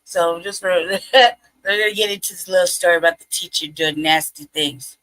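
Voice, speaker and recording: Woman running a live stream, lowish voice, chatty, laughs a lot. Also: normal speed, fairly bright tone, poor audio. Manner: chatty, laughs often, trails off and restarts. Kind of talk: casual live-stream commentary.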